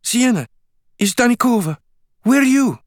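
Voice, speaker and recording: A woman's voice: expressive, moderate pace, no echo, clean studio sound. A man reading an audiobook voices a panicked woman with a thick Eastern European accent and broken English. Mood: urgent. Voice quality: broken English, frantic, high-pitched. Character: panicked middle-aged hospital coworker woman. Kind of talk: audiobook character voice.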